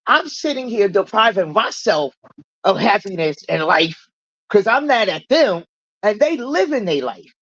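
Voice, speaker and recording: A woman's voice: measured pace, no echo, dull audio. A woman telling her own recovery story in a casual livestream chat, blunt and profane, acting out the people she quotes. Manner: animated, acts out quoted people in raised pitch, blunt and profane.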